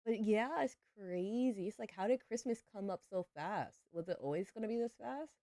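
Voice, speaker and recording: A woman's voice: medium pitch, lively intonation, moderate pace, dark tone, dry recording, studio quality. A young adult woman streaming a farming game, chatting playfully with her viewers. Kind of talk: casual livestream chat while gaming.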